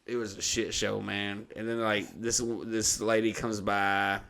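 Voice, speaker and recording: A man's voice: lowish voice, little pitch movement, measured pace, creaky, pushed and bright, smooth. A young man hosting a podcast, telling a rambling, profane story and admitting he is a bit drunk. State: slightly drunk. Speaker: podcast host, comedian. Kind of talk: casual chat, storytelling.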